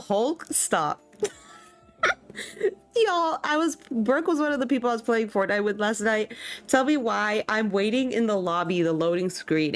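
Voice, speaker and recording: A young woman streaming and chatting casually with her viewers. She reacts to chat and laughs often. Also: fairly high pitch.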